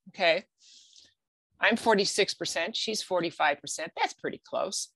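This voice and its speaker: A woman's voice: mid-range voice, pushed and bright, no echo. A middle-aged woman from the United States giving a genealogy presentation, talking casually and checking in with "okay?" as she explains slides. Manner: conversational, frequent "okay?" and restarts.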